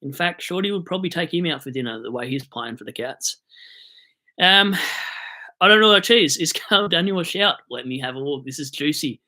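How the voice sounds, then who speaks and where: Hyped-up Australian guy with a bright voice. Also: a little high, expressive, normal speed. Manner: rambling, jokey, hyped on coffee. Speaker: fantasy football live streamer. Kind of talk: casual live stream chat.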